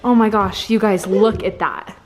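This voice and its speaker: A woman's voice: mid-range voice, fairly even intonation, moderate pace, a little hiss or hum, poor audio. Young woman, mom vlogger. Casual, heartfelt talk to camera. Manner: open and emotional, sweet singsong when talking to her kids. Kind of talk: casual vlog chat to camera.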